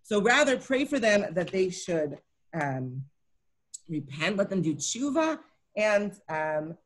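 A woman's voice: medium pitch, very animated, takes it slowly. A woman teaching a Talmud study session, explaining each line and often checking in with her listeners. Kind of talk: co-taught text study session.

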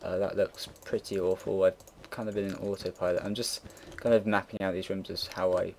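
His voice is low-pitched, gravelly and a little mellow, delivered flatly and a little fast, with a slight hiss or hum. He's a young man in his late teens narrating a computer build in casual gameplay commentary, rambling and swearing. Keyboard typing and mouse clicks are audible behind him.

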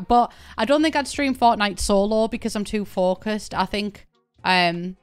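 A young woman with a British accent chats her way through a game stream, rambling and laughing often. Her voice is smooth and clear at an average pitch, with faint music playing behind her. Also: a bit bright. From Britain. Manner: chatty, rambling, laughs often, swears casually. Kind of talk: casual live-stream chat while playing.

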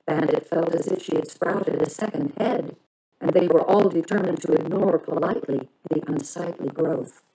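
A woman reads a children's novel aloud, her voice lower than most and soft, warm and mellow. She paces the story carefully and gives it expression. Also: normal speed, rough recording. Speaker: reader.

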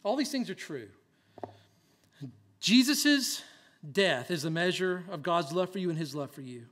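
A male pastor delivers a sermon with a raised, fairly high voice. He speaks slowly and earnestly. His volume swings from near-hushed passages to loud, emphatic lines. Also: expressive.

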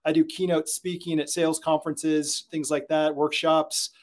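A man who consults on sales, a guest in an interview, telling stories with lots of energy and getting louder and higher when excited. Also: normal speed. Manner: energetic storyteller, gets loud and high when excited. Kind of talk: podcast interview, storytelling.

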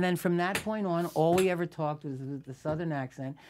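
Animated older man telling set stories. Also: on the high side, brisk, a little hiss or hum. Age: 60s. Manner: animated storyteller, swears freely, acts out quotes. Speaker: guest actor. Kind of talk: casual interview anecdote.

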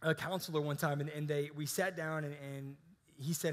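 A man's voice: a little high, steady tone, normal speed, in a large hall. A man in his thirties preaching a casual, conversational sermon, often restarting his sentences. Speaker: pastor. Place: church hall.

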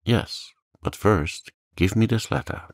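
A man voicing a stern, proud magistrate in a calm audiobook reading, curt and commanding. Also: on the low side, takes it slowly, no room sound, clean studio sound, pitched above the performer's own voice. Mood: stern, uneasy.

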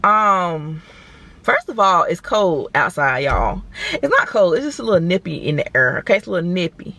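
A woman's voice: on the low side, very animated, normal speed, sharp tone. A woman, vlogging and chatting animatedly to viewers from her car. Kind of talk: casual chat to camera.

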